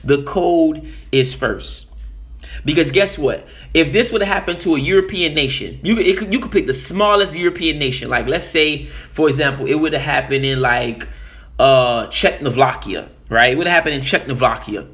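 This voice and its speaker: A man's voice: on the high side, moderate pace, a bit bright. A man giving a casual political monologue, emphatic, often repeating and restarting phrases. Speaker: commentator.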